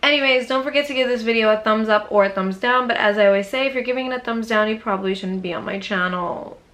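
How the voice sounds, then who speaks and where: A woman's voice: fairly high pitch, fast, fairly bright tone. A young woman from Massachusetts telling a casual storytime vlog, chatty and profane, with whispered asides. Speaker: YouTuber.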